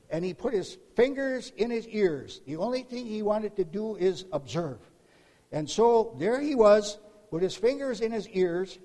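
A male preacher delivers a sermon in a high, mellow voice. He tells the story with emphatic bursts and repeats words as he presses his points. The sound rings with the long reverb of a large hall.

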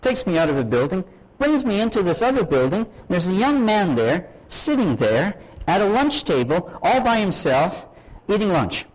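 A man's voice: sits high, normal speed, rough recording. A middle-aged man from Canada preaching a sermon, telling stories with acted dialogue and asking his listeners questions. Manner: animated, acts out dialogue, asks audience questions. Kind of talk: sermon storytelling.

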